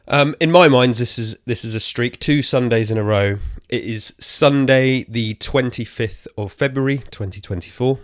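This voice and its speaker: A British man in his thirties hosting a casual solo gaming podcast from a quiet room at home, rambling and slightly out of breath. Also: medium pitch, moderate pace, few pauses, no room sound, studio quality. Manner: rambling, chatty, self-correcting asides. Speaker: podcast host.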